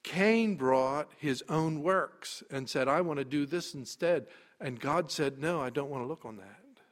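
A man preaching a sermon, emphatic, dropping quiet and then rising loud. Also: a little high, measured pace.

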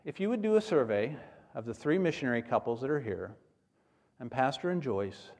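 A middle-aged man from the United States preaching a sermon as a missionary, acting out prayers and rising to loud exclaims. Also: medium pitch, big pitch swings, a little fast.

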